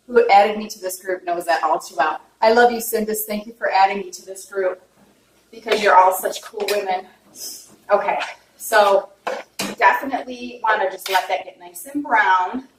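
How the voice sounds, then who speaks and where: Chatty woman in an echoey kitchen. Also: medium pitch. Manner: chatty, checks in with viewers with "okay?"; openly emotional. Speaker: home cook. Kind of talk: casual cooking demonstration. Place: home kitchen. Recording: echoey kitchen, distant mic, faint noise.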